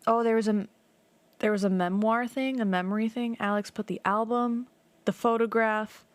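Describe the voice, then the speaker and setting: This young woman, streaming a game at a moderate pace, has a fairly high-pitched voice and no room sound. She tells casual, rambling stories with lots of energy, plenty of "like," and a curse here and there.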